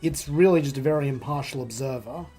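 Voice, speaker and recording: A man running a tabletop game as game master, easygoing and quick with replies. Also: mid-range voice, mellow, faint music behind.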